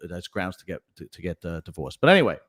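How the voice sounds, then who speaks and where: Fast and sing-song, with a low-sitting, somewhat bright voice, this man hosts a podcast where he casually discusses news stories. His talk wanders, full of fillers and restarts, and he tells jokes read out for viewer donations.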